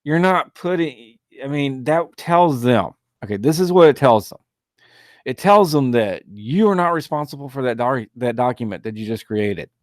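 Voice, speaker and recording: A man's voice: mid-range voice, expressive, moderate pace, no echo, clean studio sound. A man hosting a talk show in a loose, rambling monologue, often laughing and sounding exasperated and mocking. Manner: loose and rambling, with many fillers. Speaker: talk radio host. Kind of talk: casual monologue.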